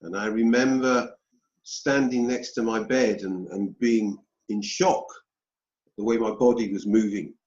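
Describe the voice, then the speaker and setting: British guy telling his story slow, pausing a lot, roomy dull audio. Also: on the low side, fairly even intonation, a little mellow. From United Kingdom. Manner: slow, deliberate storytelling with pauses. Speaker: guest. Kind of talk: storytelling interview.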